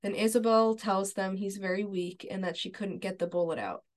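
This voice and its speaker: A woman's voice: mid-range voice, steady tone, moderate pace. A woman co-hosting a podcast, chatting casually and retelling scenes from an episode step by step. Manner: agreeable, many fillers like "like" and "yeah". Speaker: podcast co-host. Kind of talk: casual chat, recapping a TV episode.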